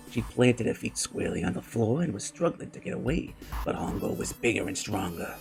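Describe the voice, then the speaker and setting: A man's voice: fairly low pitch, a little fast, hardly any pauses, soft background music. A man hosting a game playthrough, reading the story text aloud with blurted reactions. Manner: expressive, gravelly read-aloud with blurted reactions. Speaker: let's play host.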